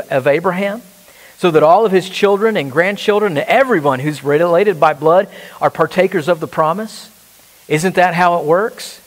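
Guy preaching a sermon, kinda high voice, lots of rhetorical questions, echoey church. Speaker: pastor.

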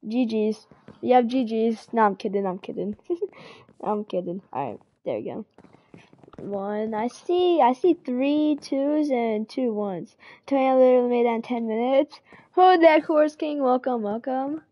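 A woman's voice: a little high, lively intonation, measured pace, dark tone. A woman streaming a game live, chatting casually with her viewers and repeating phrases, with a slight cold. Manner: chatty, repeats herself, greets chat.

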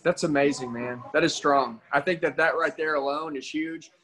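A man's voice: fairly high pitch, steady tone, moderate pace, a bit bright, low-quality recording. A man interviewing a salesman, prompting him with encouraging questions. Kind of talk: casual interview talk.

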